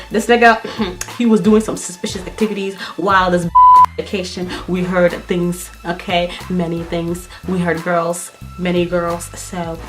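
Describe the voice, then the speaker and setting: A woman telling a storytime vlog, blunt, profane and animated. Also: fairly low pitch. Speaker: vlogger.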